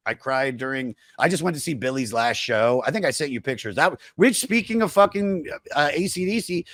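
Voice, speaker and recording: A man's voice: a little high, animated, brisk, fairly bright tone, no room sound. A man hosting a podcast in loose, profane casual chat, laughing often. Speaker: podcast host.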